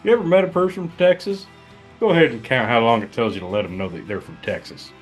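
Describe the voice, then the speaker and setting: A man's voice: mid-range voice, quick pace, faint music behind. A man co-hosting a whiskey tasting, joking sardonically and swearing freely. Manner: sardonic, profane, jokey. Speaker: co-host of a whiskey review show. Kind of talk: casual tasting chat.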